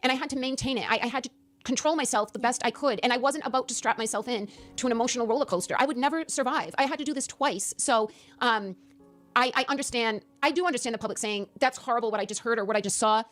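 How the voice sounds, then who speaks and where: Woman, interview guest, emphatic, animated, stammering restarts, quick, high-ish voice. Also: faint music behind. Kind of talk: candid interview answers.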